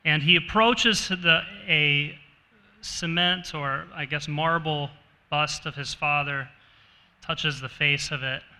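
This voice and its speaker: A man's voice: on the high side, slow pace, pushed and bright. A man preaching a sermon in a conversational way, asking his congregation questions. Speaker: pastor. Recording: reverberant hall.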